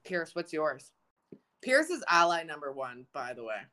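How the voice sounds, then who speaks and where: A woman's voice: deep voice, big pitch swings, measured pace, pushed and bright. A young woman co-hosting a podcast in casual chat, bubbly, laughing often and swearing freely. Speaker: podcast co-host.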